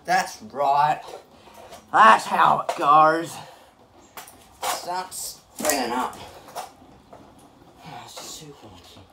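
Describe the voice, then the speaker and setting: A man's voice: a little high, very slow, vocal fry, long pauses, background noise. A man, vlogging from a small home studio and muttering in exasperation as he scolds a machine. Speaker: channel host. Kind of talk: casual vlog commentary while smashing a fan. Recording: echoey room, mic far off, loud clattering.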